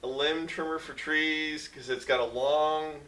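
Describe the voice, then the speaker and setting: A man co-hosting a film review chat, rambling and thinking out loud as he talks. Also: fairly high pitch, steady tone, a little slow. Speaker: film review podcast co-host. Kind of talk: casual chat. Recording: echoey room, distant mic.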